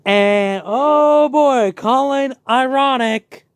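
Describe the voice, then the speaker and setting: A young man chatting excitedly while reviewing a show, animated and full of fillers. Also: very high voice, extremely slow, smooth, dry recording. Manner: excitable, animated, many fillers and re-enacted quotes. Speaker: channel host reviewing a show. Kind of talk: casual review chat.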